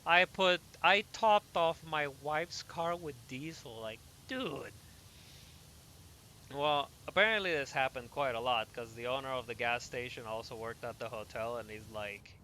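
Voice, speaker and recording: A young adult man telling a long casual story while playing a game, animated, with many fillers and self-corrections. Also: mid-range voice, unhurried, slight background noise. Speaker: gaming podcast host.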